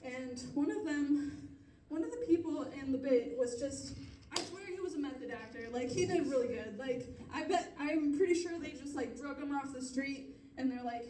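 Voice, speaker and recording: Young female stand-up comic, high and mellow voice, rambling self-mocking delivery, roomy distant sound. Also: normal speed, a little hiss or hum. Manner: rambling, self-deprecating storytelling with frequent laughs. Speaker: stand-up comedian. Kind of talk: stand-up comedy set.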